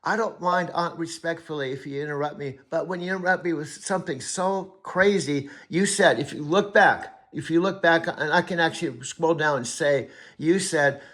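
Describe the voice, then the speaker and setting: Insistent man with a bright, forceful voice. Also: on the high side, normal speed, few pauses. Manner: emphatic, insistent, repeats himself. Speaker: host and AI coach. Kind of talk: casual heated conversation.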